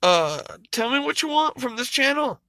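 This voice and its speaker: A man's voice: very high voice, sing-song, normal speed, sharp tone, dry recording. A man vlogging, retelling a comic story in a rambling, emotional way, with frequent swearing and laughter. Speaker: YouTuber.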